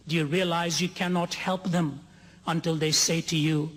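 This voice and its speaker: A man preaching a sermon to a large gathering, telling stories earnestly and slowing down to stress key lines. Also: sits high, a bit bright. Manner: earnest storytelling, slows for emphasis, builds to soaring climax. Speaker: evangelist preacher. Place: large conference hall. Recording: long hall reverb.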